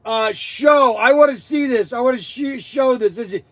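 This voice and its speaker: A man hosting a casual livestream, reading viewer comments and teasing them in an excitable, rambling way with frequent laughter. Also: very high-pitched, normal speed, no echo. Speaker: livestream host of a toy shop.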